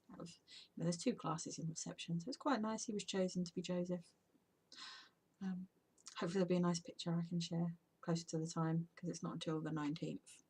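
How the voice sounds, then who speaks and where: A woman's voice: lowish voice, creaky, darkish tone, husky. A tired woman, chatting casually to camera in an unscripted home vlog, rambling and sometimes dropping to a whisper. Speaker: vlogger and podcaster.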